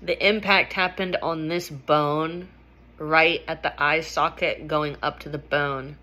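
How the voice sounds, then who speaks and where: A woman's voice: deep voice, steady tone, slow pace, sharp tone. A woman vlogger telling a personal story in a candid, emphatic way, swearing freely.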